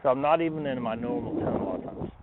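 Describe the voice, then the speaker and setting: A man training his dog outdoors, talking himself through it in a relaxed way between short commands to the dog. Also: medium pitch, quick pace. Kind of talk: casual training explanation. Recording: tinny phone-like, noisy outdoors.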